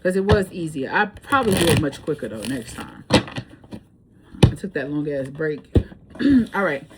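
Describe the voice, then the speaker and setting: A woman's voice: low-pitched, expressive, unhurried, heavy background noise. A woman tarot reader chatting casually to camera, telling stories with loose laughs and the odd swear word.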